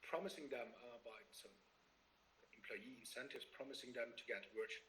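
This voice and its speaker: Male expert guest for a webinar, tense bright tone, stop-start explanatory delivery. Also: mid-range voice, slight background noise, rough recording. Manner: halting, frequent filler sounds and restarts.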